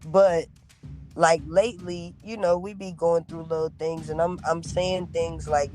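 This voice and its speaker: A man's voice: fairly high pitch, unhurried, a little mellow, faint music behind, poor audio. A man in his thirties hosting a casual podcast, telling stories with lots of slang and fillers. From Rochester, New York. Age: 30s. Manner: storytelling, slangy, many fillers. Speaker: podcast host.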